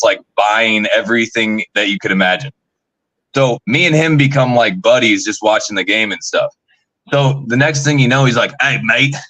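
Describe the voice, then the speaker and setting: A man's voice: mid-range voice, bright, forceful tone, dry recording, low-quality recording. A young man on a live video call telling a long, rambling, profane party story full of fillers. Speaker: guest storyteller. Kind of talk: casual storytelling on a live stream.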